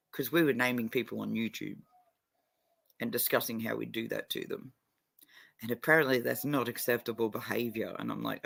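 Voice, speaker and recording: A man's voice: medium pitch, vocal fry, pushed and bright, husky. A man chatting casually on a livestream, blunt and heavily profane, a little drunk and stoned. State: tipsy and stoned.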